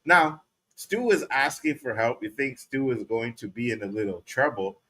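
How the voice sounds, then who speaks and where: A man co-hosting a casual show recap, animated and laughing often as he acts out lines from scenes. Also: mid-range voice, normal speed. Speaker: podcast co-host.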